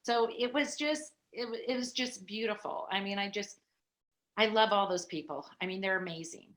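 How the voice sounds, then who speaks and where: A middle-aged woman, a podcast guest, telling a personal story in a chatty, animated way with many fillers. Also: mid-range voice, moderate pace. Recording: echoey room.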